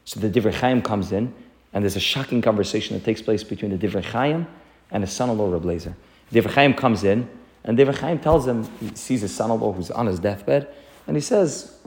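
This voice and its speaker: Fast-talking man telling a lesson story. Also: fairly low pitch. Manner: animated storyteller, repeats phrases, earnest. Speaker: Torah teacher.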